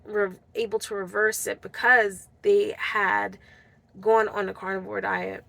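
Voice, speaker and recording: A woman's voice: on the high side, vocal fry, sharp tone. A woman vlogger telling a personal story to camera in an earnest, heartfelt way, speaking straight to her viewers. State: tearful at times.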